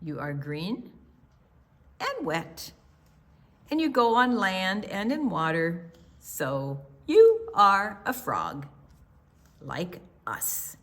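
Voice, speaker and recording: A woman's voice: mid-range voice, wildly swooping pitch, extremely slow, pauses often, a bit bright, full character voice. A woman voicing a chorus of bossy, know-it-all frogs in a chirpy, preachy way. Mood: smug.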